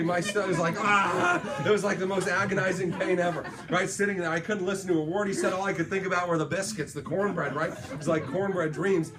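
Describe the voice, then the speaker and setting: A man giving a motivational sales training talk, telling stories with energy and tagging his points with "right?". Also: high voice. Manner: energetic storyteller, tags lines with "right?".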